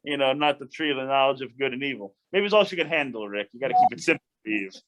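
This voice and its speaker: A man, a rabbi, leading a casual Bible study, talking in an animated, chatty way with many restarts and asides. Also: medium pitch, quick pace.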